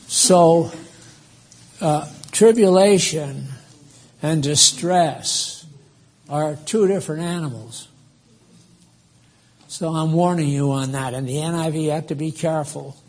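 In a church, an apparently older pastor speaks to his congregation in a slow, plainspoken, conversational manner, talking straight to them. His voice is on the high side with a darkish tone.

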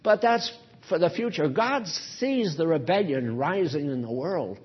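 A man preaching a sermon in an earnest, emphatic way, swinging between loud and soft. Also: a little high, lively intonation, measured pace, husky, dull audio.

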